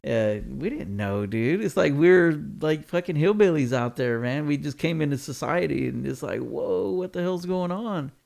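Gravelly man in laid-back chat. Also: on the high side, lively intonation, darkish tone. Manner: laid-back, profane, drawn-out storytelling. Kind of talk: casual podcast chat.

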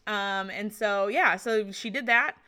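Bright-voiced woman telling a candid story. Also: mid-range voice, a little slow. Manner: chatty and candid, swears freely, laughs often. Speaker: vlogger recounting a personal experience. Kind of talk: casual storytelling.

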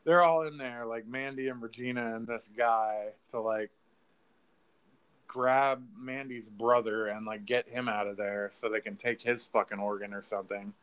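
A man co-hosting a podcast, chatting casually about a film, swearing freely and acting out lines in a high mocking voice. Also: fairly even intonation, normal speed, fairly bright tone, clean tone. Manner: loose, profane, acts out lines in a high mocking voice. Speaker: podcast co-host. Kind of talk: casual movie review chat.

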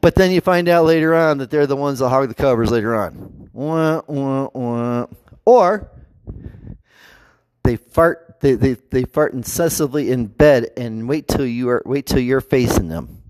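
A man's voice: medium pitch, moderate pace, darkish tone, dry recording. A man vlogging in a casual monologue. He rambles, restarts often and acts out quotes.

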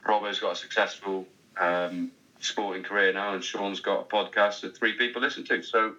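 A man talks in a low, bright-edged voice, rambling along in a matey way. He fills his sentences with "like" and restarts. The recording sounds a little dull and lo-fi. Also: level tone, normal speed. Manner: rambling, matey, lots of fillers. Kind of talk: casual chat.

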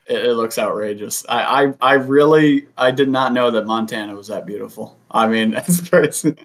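A man's voice: mid-range voice, normal speed. An American man co-hosting a sports podcast in casual chat, laughing often and rambling through restarts. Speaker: podcast co-host.

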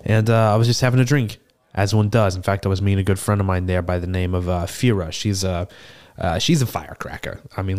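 A man's voice: sits low, darkish tone, lightly acted. A man playing a seasoned male tortle cleric who tells a tavern tale in a chatty, rambling way, full of fillers and restarts. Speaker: player character in an improvised tavern scene. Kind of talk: improvised in-character storytelling.

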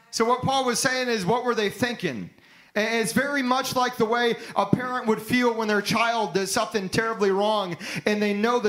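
Pastor, high-pitched man, emphatic fervent sermon delivery. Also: fairly bright tone, low-quality recording. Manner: emphatic preaching, rising to fervent exclamations.

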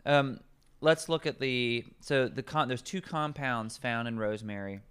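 A man's voice: mid-range voice, unhurried, fairly bright tone, clean tone. A man, a nutrition coach, explaining herbs in casual podcast conversation, rambling and correcting himself as he goes.

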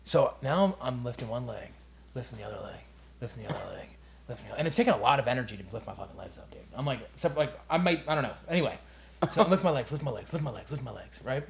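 This young man talks like he's recounting a wild night to friends. His delivery is animated, with quoted voices and curse words scattered through. His pitch sits in an ordinary middle register. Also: very fast, vocal fry. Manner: animated storyteller, acts out quotes, swears freely. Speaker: podcast co-host. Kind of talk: casual storytelling chat.

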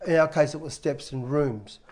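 A man's voice: a little high, normal speed, a little mellow. Man preaching a conversational sermon. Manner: conversational preaching with frequent restarts. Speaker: pastor.

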